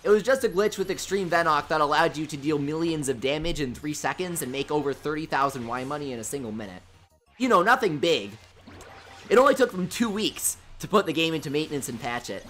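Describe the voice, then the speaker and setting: A man's voice: fairly high pitch, fairly quick, faint music behind. A young man hosting a live stream from home, reading viewer comments aloud and answering them with sarcastic jokes. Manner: sarcastic, animated and joking. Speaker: livestream host.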